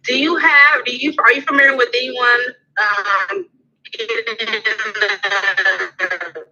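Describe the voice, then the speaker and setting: Halting woman on a choppy call. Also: fairly high pitch, expressive, vocal fry, pushed and bright, highs cut off. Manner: hesitant, halting, many fillers. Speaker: caller asking questions.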